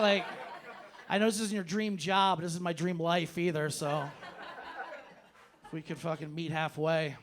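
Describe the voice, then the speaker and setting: This comedian's voice is fairly high and level, moving at a moderate pace with long pauses, against a noisy background. Performing stand-up in a club, he rants sarcastically and loosely, swearing freely.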